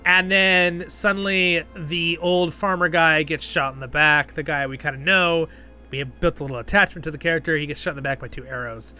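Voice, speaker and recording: A man talks through a review in a loose, rambling way, tossing in fillers and asking "right?" as he goes. His voice sits high and sounds bright and forceful. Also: steady tone, a little fast, soft background music. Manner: chatty, rambling, filler-heavy with frequent "right?" checks. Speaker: host and show reviewer. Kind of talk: casual spoken review.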